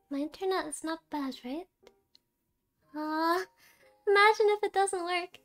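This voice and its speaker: Super high cutesy girl streamer voice, sleepy and giggly, talks real slow. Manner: giggly, cutesy, talks to chat with many laughs. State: sleepy, tired voice. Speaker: VTuber streamer. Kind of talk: casual game stream chat.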